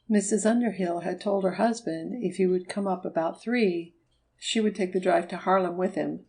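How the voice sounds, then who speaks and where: A woman narrating a children's storybook in a steady, measured reading. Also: on the low side, rough recording. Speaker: audiobook reader. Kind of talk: scripted narration.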